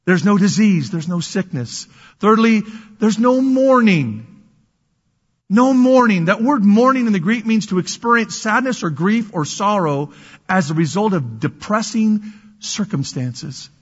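A man with a high, husky voice preaches a sermon, dropping to hushed whispers and then swelling back up. He often repeats words as he starts phrases over. The sound is muffled and carries a long reverb, like a big sanctuary. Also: lively intonation, measured pace. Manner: dramatic swings from loud to hushed whispers. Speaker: pastor.

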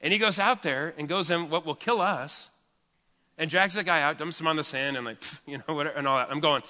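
Fast, bright-voiced pastor in a reverberant hall. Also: male voice, fairly high pitch. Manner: animated, chatty storytelling with fillers. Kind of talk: storytelling sermon.

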